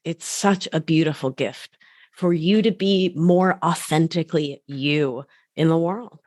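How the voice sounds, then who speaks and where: A woman hosting a podcast interview, affirming her guest with soft murmurs and heartfelt thanks. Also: sits low, a little slow, dry recording, clean studio sound. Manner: affirming, many soft hums. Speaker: podcast host and life coach. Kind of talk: warm interview conversation.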